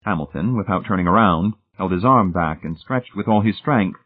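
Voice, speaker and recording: A man reading a suspenseful story aloud in a measured, scripted narration, heard over a tinny, phone-like recording. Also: deep voice. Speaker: audiobook narrator.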